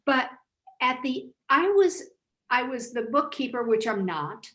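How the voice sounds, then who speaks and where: Older woman guest, lively storyteller with a light laugh, speaking over a video call. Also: high voice, a little slow, low-quality recording. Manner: lively, laughs while telling anecdotes. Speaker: author and business founder, guest. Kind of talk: storytelling interview answers.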